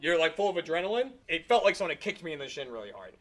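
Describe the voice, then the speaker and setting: A man's voice: fairly high pitch, big pitch swings, very fast, a bit bright. A man animatedly telling an injury story in casual chat. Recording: crowd noise behind.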